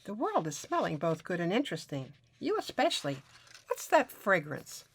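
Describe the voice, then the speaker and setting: A woman's voice: wildly swooping pitch, moderate pace, heavily acted. A woman reading as a charming young Southern man. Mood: easygoing, friendly. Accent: Southern US drawl. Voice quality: deep, smooth drawl.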